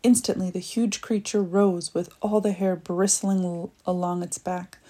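A woman narrating a children's fantasy storybook aloud in a measured, expressive way. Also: lowish voice.

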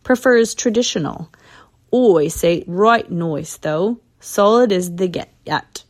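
A woman's voice: fairly low pitch, slow pace. Woman doing a boastful male squirrel. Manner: chatty, boastful. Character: folksy male squirrel, proud homeowner.

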